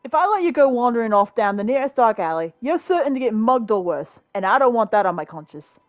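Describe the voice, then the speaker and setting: A woman's voice: fairly high pitch, sing-song, fast, no echo, dull audio. A woman voicing a brash young male city tout in a game, with chummy street patter and a wandering accent. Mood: cocky. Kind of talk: voicing game dialogue aloud.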